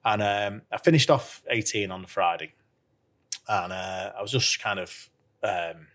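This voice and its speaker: With a lowish, fairly bright voice and a slightly slow delivery, a man who golfs professionally shares a story during a podcast chat. He laughs along as he goes and performs the quotes of others.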